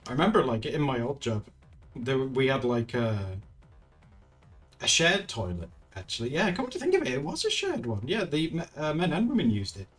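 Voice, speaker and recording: A man's voice: medium pitch, huge pitch swings, normal speed. A man chatting casually on a live stream, laughing often and retelling stories. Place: indoors at home. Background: faint music.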